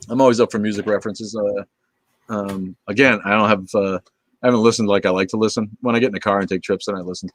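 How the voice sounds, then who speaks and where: A middle-aged man with a lowish voice chats loosely on a livestream, swearing freely and drifting between thoughts. His words often sink into quiet mumbles at the ends of phrases. The sound is dry and close, with little room around it. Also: steady tone, a little fast, no room sound. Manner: rambling, profane, laid-back, trailing off into low mumbles. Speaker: livestream host. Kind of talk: casual livestream chat reading viewer comments.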